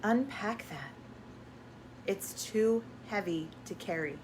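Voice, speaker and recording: A woman's voice: mid-range voice, animated, takes it slowly, a little mellow, slight background noise. A woman spiritual energy coach in casual promotional chat, effusive and affirming, often repeating herself and using uplifting self-help language.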